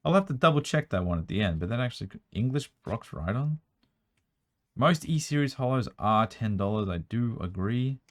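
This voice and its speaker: A young man with a strained, worn-out voice, chatting quickly as he sorts through a card collection at home, with bursts of excitement. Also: medium pitch. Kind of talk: casual running commentary while sorting cards. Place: room at home.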